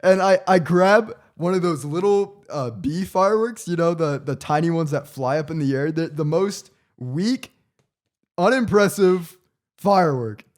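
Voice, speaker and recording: A young man co-hosting a podcast, telling a story with animated delivery and stumbling restarts. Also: a little high, unhurried. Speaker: podcast co-host. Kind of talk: casual storytelling.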